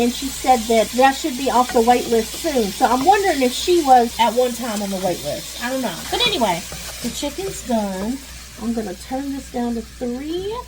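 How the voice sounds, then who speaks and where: A woman talks in a chatty, rambling way, venting with sighs while she cooks. Her voice sits high. Frying and sizzling in the home kitchen come through clearly around her. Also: noisy background. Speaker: vlogger. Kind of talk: casual chat while cooking. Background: sizzling frying pan.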